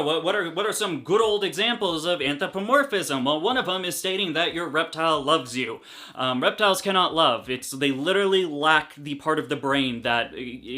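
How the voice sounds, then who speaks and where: Brief: young guy, sarcastic ranting vlogger, swears a lot, bright, slightly high voice. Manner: profane, exasperated, sarcastic. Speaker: reptile YouTuber. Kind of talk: comedic rant vlog.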